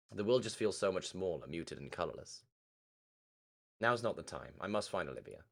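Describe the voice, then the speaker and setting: A male game streamer with a low voice that swings widely as he reads a visual novel aloud. He keeps cutting in with his own reactions and casual swearing, and his delivery stays lively throughout. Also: measured pace, gravelly. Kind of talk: reading a visual novel aloud with live commentary.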